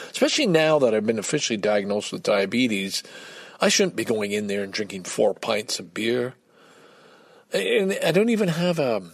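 An older man, talking candidly in a rambling, halting way in a casual personal vlog. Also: mid-range voice, vocal fry, husky, no echo. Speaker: vlogger.

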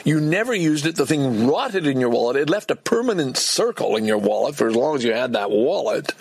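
A middle-aged man hosting a solo podcast, ranting excitably and then poking fun at himself. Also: medium pitch, brisk, gravelly, husky, no room sound. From Canada. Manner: excitable, ranting, self-deprecating.

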